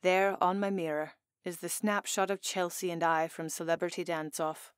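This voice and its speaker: A woman's voice: lowish voice, fairly even intonation, normal speed, dry recording. A woman narrating a first-person romance audiobook in an intimate, earnest storytelling manner, on a close studio mic.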